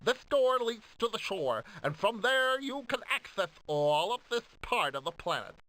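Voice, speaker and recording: A man's voice: sits high, big pitch swings, moderate pace, pushed and bright, no echo, exaggerated voice, low-quality recording. An actor with a Scottish accent playing a formal, earnest male villager in a 1990s video game. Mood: solemn. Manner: formal, solemn quest-giving speech.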